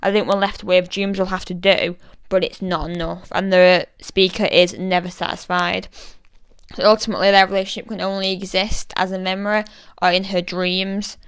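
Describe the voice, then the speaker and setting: A woman's voice: mid-range voice, level tone, moderate pace, clean tone, no echo, poor audio. A British woman giving a casual, thoughtful analysis of a poem, chatty and full of fillers. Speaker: literature explainer.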